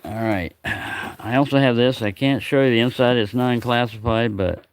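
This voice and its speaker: A man's voice: medium pitch, fairly even intonation, moderate pace, smooth, dry recording. A retired man in his sixties or older, chatting casually on a live stream, telling stories with lots of restarts and putting on the voices of people he quotes. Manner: chatty, repeats words, acts out quoted voices. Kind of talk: casual rambling storytelling.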